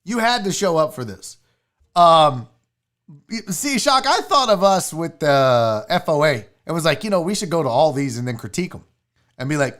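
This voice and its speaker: A woman's voice: medium pitch, big pitch swings, measured pace, a bit bright. A woman hosting a casual livestream chat, blunt, profane and mocking as she reacts. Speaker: sports show host.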